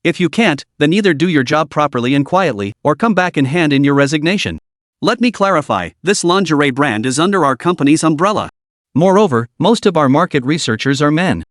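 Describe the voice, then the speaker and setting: A man's voice: fairly high pitch, expressive, a little fast, dry recording, studio quality, lightly acted. A man voicing a cold, stern young woman executive with a curt, commanding manner, read in a recap.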